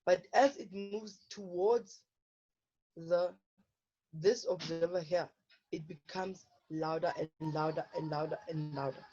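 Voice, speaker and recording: A woman's voice: low voice, steady tone, measured pace, warm tone, slightly rough. A woman teaching a physical science lesson, often checking in with her students by asking "okay?". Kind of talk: online lesson explaining problems. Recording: dull lo-fi online lesson audio.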